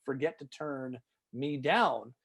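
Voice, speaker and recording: A man from Canada working as a hockey reporter, telling stories in a casual, animated podcast chat. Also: medium pitch, takes it slowly, gravelly, slightly rough. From Calgary, Canada. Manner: animated, excitable storyteller with many restarts. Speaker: hockey reporter and radio host.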